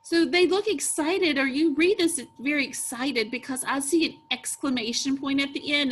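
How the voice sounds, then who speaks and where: A woman teacher leading an early-reading phonics lesson for young children, slow and encouraging with sing-song prompts. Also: sits high, a bit bright.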